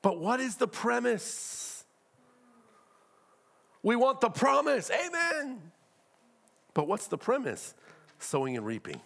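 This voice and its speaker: Male pastor, middle-aged, high and animated preaching voice, lots of rhetorical questions. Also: unhurried, vocal fry, long pauses. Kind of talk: sermon.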